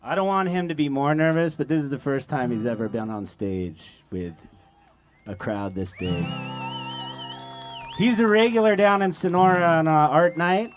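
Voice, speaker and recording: A man's voice: on the high side, expressive, normal speed. A man emceeing at a music festival stage, chatty and rambling, often correcting himself mid-sentence. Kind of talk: stage introduction.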